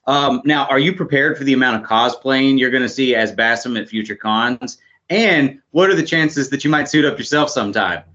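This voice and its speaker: A man's voice: mid-range voice, moderate pace, bright, forceful tone, muffled recording. A man hosting an interview, asking long, winding questions in a friendly way. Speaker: interviewer host. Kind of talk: casual interview.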